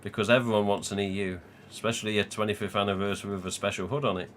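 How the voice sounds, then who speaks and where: This English livestream host races along in a lowish, slightly bright voice with fairly even intonation. He chats casually, swears freely and laughs a lot, over a little hiss or hum.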